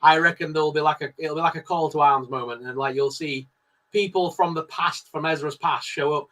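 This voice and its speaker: A man co-hosting a casual live stream, talking excitedly and laughing often. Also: fairly high pitch, fairly quick. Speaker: co-host.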